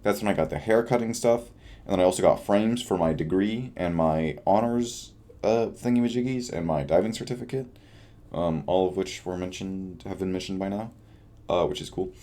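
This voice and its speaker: A man's voice: sits low, normal speed, warm tone. A young man in his twenties talking through a casual video diary, tired and rambling, trailing off and joking at his own expense. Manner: rambling, self-deprecating, trails off. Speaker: vlogger.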